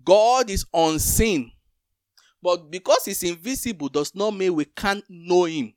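A man's voice: high voice, unhurried, darkish tone, no room sound, studio quality. A man co-hosting a Bible teaching talk, explaining scripture with everyday comparisons.

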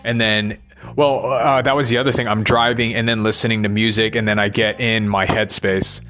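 A man's voice: fairly low pitch, little pitch movement, normal speed, fairly bright tone, soft background music. A man thinking aloud in a rambling personal monologue, restless and swearing as he questions himself.

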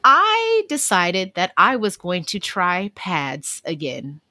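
A woman co-hosting a podcast, chatting casually with blunt, profane, animated storytelling. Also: fairly low pitch, takes it slowly, dry recording. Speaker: podcast co-host. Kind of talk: casual chat.

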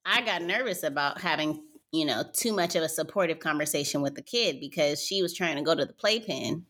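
A woman's voice: low voice, lively intonation, brisk, fairly bright tone. A woman co-hosting a podcast in casual chat, laughing often as she tells stories. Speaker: podcast co-host.

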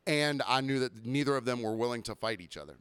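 Man, casual storytelling, profane, rambling, mid pitch, dry sound. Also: expressive, fast talker, a bit bright, smooth, no room sound. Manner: profane, rambling, with acted quotes. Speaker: podcast host.

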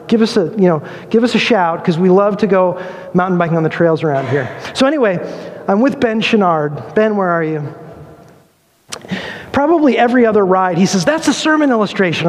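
A man preaching a sermon, telling a lively personal story, acting out quoted dialogue and laughing along the way. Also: sits high. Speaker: pastor. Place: church sanctuary. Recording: long hall reverb.

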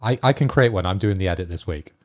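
Inquisitive man, lowish voice. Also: quick pace. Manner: inquisitive, asks follow-up questions. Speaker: podcast co-host and editor. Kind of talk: casual gaming chat.

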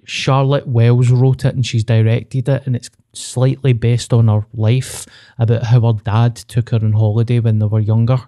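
A man's voice: medium pitch, level tone, normal speed, hardly any pauses, dark tone, no echo, studio quality. A man with a Glaswegian Scottish accent, co-hosting a podcast in casual chat, blunt and sweary, open about his own struggles. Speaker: podcast co-host.

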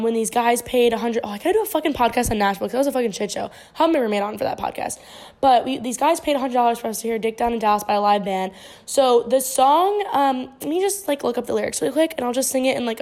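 A woman in her twenties hosts a podcast, telling a story in casual chat with a fairly high, slightly mellow voice. She rambles, swears freely and says "like" constantly.

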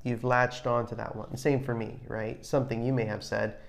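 A man's voice: mid-range voice, little pitch movement, vocal fry. A middle-aged man co-hosting a podcast, talking earnestly about marriage with a lot of restarts. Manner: earnest, advising, halting with restarts. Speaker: podcast co-host. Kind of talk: casual chat.

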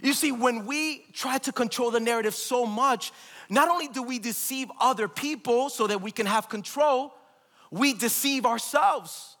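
A man with a very high, bright voice preaching in a large church hall, where long reverb trails each phrase. He drives his points hard, jokes between them, and has the congregation repeat key words after him. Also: moderate pace. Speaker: pastor. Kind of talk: sermon.

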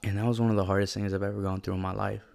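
Speaking very fast with little pitch movement, this young man has a low, creaky, darkish voice. He recounts something personal in a casual, slang-heavy way, filling it with "like," and sounds heartfelt and emotional.

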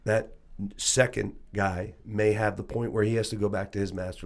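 Male co-host and coach, low pitch, earnest and emphatic in casual talk. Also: flat delivery, normal speed, vocal fry. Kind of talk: casual podcast chat.

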